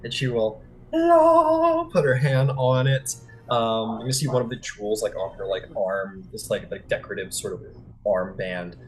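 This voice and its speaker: A man's voice: on the low side, little pitch movement, normal speed, slight background noise, low-quality recording. A man narrating a tabletop role-playing game as game master in a casual, filler-heavy manner. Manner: casual, lots of "um" and "like".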